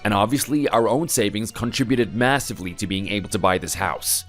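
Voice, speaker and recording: Man voicing a calm, low-voiced young husband. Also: fairly quick, faint music behind. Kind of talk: texting-story voice acting.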